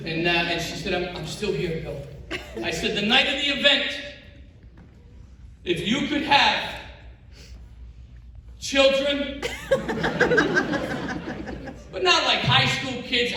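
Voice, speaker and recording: High-voiced headliner in echoing auditorium. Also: male voice. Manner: rambling, self-mocking, exaggerated storytelling. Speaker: comedy show headliner and emcee. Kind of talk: stand-up set. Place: high school auditorium stage. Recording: echoey auditorium from far off, loud crowd.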